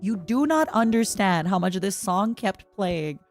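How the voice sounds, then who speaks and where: A young woman from Canada chatting casually on a livestream, giggly and given to high squeals and snatches of song. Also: expressive, unhurried, soft background music. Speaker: streamer.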